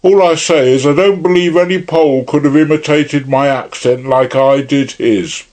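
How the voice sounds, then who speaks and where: A man's voice: a little high, moderate pace, a little mellow, pitched above the performer's own voice, lightly acted. A man voicing a cool, cheeky young male detective with a cockney accent, raising his voice for the part. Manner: breezy, offhand.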